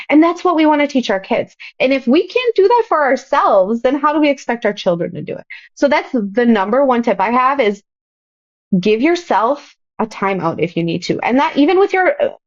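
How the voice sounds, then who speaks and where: A woman in her thirties with a somewhat high voice talks openly and earnestly, giving advice as a podcast guest. The audio is a little dull and lo-fi. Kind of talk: casual podcast chat.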